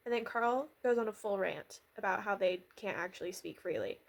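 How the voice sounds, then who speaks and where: A woman's voice: mid-range voice, normal speed, creaky. Chatty, sarcastic young woman recapping. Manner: chatty and sarcastic, lots of fillers, quotes characters in her own voice. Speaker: vlogger recapping a miniseries. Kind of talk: casual rambling recap.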